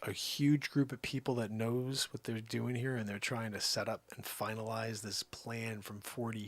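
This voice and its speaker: A man's voice: medium pitch, fairly bright tone, no room sound. A man hosting a livestream, ranting in a heated, sarcastic and exasperated way. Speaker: livestream host. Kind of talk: ranting live commentary.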